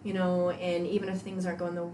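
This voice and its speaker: On a podcast, a woman who does CrossFit chats casually about her training, animatedly acting out exchanges between herself and her coach. Her voice sits on the low side and she talks fast. The sound is roomy, with slight background noise.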